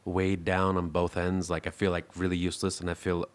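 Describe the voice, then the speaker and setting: Young male podcast co-host, lowish voice, rambling and self-mocking. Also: monotone, fairly quick. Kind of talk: casual chat.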